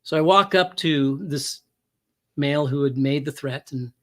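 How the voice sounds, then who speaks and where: Here the guest is a Canadian ex-police hostage negotiator recounting an anecdote on a talk show, speaking a little slowly. His pitch is on the high side, and his delivery mixes emphatic rises with hesitant fillers.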